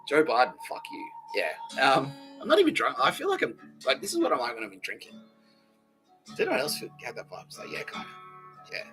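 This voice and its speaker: An Australian man hosting a solo comedy podcast, rambling and profane, laughing often and slipping into quick impressions. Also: medium pitch, huge pitch swings, pushed and bright, soft background music, rough recording. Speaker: podcast host.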